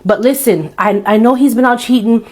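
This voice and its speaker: A woman's voice: on the high side, moderate pace, natural voice. A woman voicing a hurt young wife who pleads with her mother-in-law about a cheating husband. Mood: pleading.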